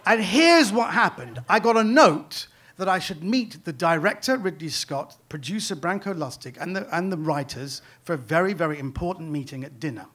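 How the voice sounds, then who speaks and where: High-voiced British man telling a comic story. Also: normal speed. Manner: animated, self-deprecating, laughing through lines. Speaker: comedian and storyteller. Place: on stage at a live storytelling event.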